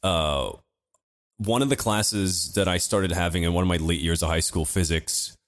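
A man's voice: low voice, normal speed, fairly bright tone. A young man, a podcast co-host, telling rambling stories in casual chat, full of fillers and swearing.

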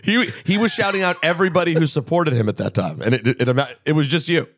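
A man hosting a podcast, chatting casually and teasing his co-hosts with quick banter. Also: on the high side. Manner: fast, animated, teasing banter. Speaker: podcast host. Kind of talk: casual chat.

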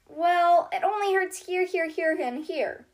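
A woman's voice: extremely high pitch, unhurried, pitched above the performer's own voice. Casting: a woman playing a whiny, achy little toy boy, storybook read-aloud. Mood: complaining. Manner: complaining.

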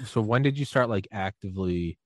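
A man's voice: on the low side, fairly quick, no echo, studio quality. A man hosting a podcast, chatting loosely with a guest, swearing and saying "dude" often. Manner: loose and profane, says dude a lot. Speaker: podcast host. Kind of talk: casual chat.

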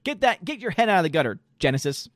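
A man casually live-streaming, reading chat aloud and reacting in an animated way, throwing in lots of "dude" and "man.". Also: high voice, quick pace, dry recording, clean studio sound. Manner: animated, exclaiming, says "dude" and "man" a lot.

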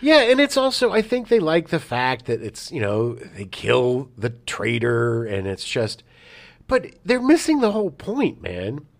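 Podcast guy chatting, super animated, pitch all over, kinda gravelly. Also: a little slow. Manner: animated, emphatic, acts out scenes. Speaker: podcast co-host. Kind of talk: casual chat.

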